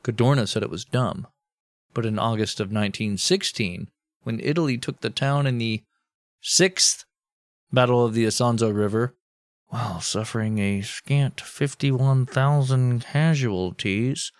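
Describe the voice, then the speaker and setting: A man's voice: medium pitch, unhurried, dry recording. A man co-hosting a comedy history podcast, narrating events with irreverent, profane asides. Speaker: podcast co-host.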